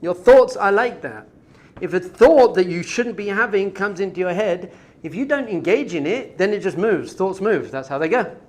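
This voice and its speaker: Animated high-voiced male rabbi. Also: normal speed. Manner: animated, conversational, rhetorical questions. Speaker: rabbi teaching. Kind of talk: Torah class with storytelling.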